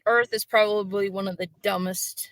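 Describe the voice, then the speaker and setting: Blunt, profane female stream guest; bright, sharp tone. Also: medium pitch, steady tone, moderate pace, dry recording, poor audio. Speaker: guest on a livestream. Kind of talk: casual gossip chat on a livestream.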